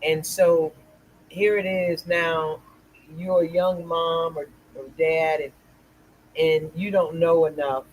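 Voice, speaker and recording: A woman's voice: deep voice, flat delivery, slow, a little hiss or hum, rough recording. An older woman hosting a casual chat, telling rambling stories with many restarts. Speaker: host.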